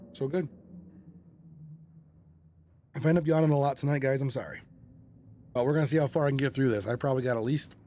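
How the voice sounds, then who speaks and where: Male streamer, mid-pitched, rambling casual commentary, swears freely, faint hiss behind. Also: darkish tone. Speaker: game streamer.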